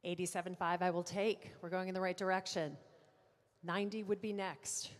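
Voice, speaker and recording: A woman's voice: fairly low pitch, steady tone. A woman auctioneer runs a live car sale, rattling off figures and teasing bidders between calls. Her voice rings out in a large room with a long trailing reverb. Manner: brisk bid-calling with playful asides to bidders.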